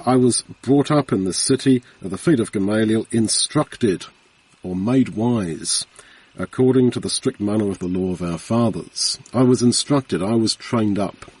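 A man's voice: medium pitch, a little mellow, slightly rough. A man preaching a Bible teaching sermon in an earnest, conversational way, repeating phrases for emphasis. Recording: voice from far off the mic.

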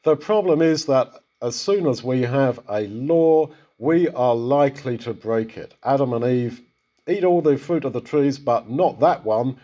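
A man teaching from Scripture in an easy, conversational way, often turning to put questions to his listeners. His voice is husky and mellow, with a dark, relaxed tone. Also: mid-range voice, a little slow, muffled recording. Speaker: Bible teacher. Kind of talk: conversational Bible exposition.

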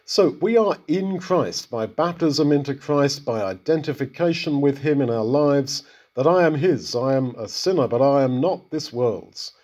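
Husky, dark-voiced man teaching Scripture. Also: fairly high pitch. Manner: conversational, asks listeners rhetorical questions. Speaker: Bible teacher. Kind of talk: conversational Bible exposition.

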